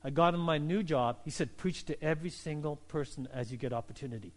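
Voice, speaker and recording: High-voiced preaching man, fervent. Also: fast talker. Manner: builds from calm teaching to loud, fervent preaching. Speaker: pastor. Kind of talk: sermon.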